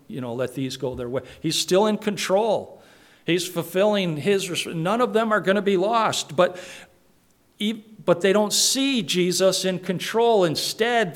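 A man preaching a conversational sermon, with frequent restarts and asides to the congregation. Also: a little high. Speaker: pastor.

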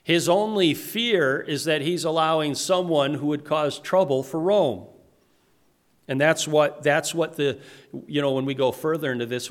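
A man teaching through a Bible passage verse by verse, explaining it in plain everyday paraphrase and often restarting his sentences. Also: fairly high pitch. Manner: frequent restarts and repeated words.

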